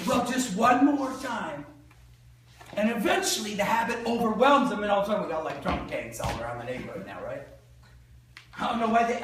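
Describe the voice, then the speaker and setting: Sales trainer, male, high voice, playful crowd-quizzing delivery, echoey hall mic from far off. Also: background noise. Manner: quizzes the audience with fill-in-the-blank questions; lively and joking. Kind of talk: live seminar talk to an audience. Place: large indoor room with an audience.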